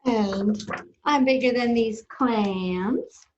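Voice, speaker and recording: A woman voicing a boastful male giant squid in a children's storybook read-aloud, bragging in drawn-out proclamations. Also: on the high side, darkish tone, lo-fi sound, a little hiss or hum.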